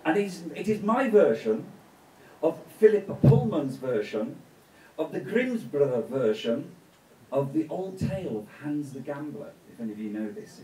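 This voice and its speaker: A man's voice: fairly high pitch, warm tone. A man telling a tale live on a festival stage, playful, with joking asides, heard from a distant mic in a roomy venue. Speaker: storyteller. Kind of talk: live storytelling performance.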